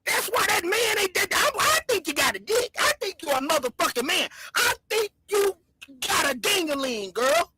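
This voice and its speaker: A woman hosting a livestream, loudly hurling mocking insults in a shouting rant. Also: very high voice, very animated, normal speed, background noise. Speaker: livestream host.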